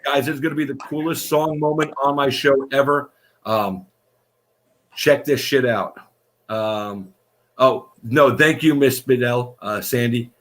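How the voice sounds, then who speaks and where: A man's voice: medium pitch, measured pace, fairly bright tone. A man hosting a casual live-streamed fighter interview show, effusive and rambling, with casual swearing.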